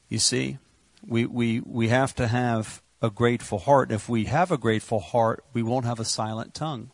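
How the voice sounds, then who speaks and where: A man preaching a sermon, impassioned and repetitive, rising to shouts on words of praise. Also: mid-range voice, steady tone, moderate pace, vocal fry, no room sound.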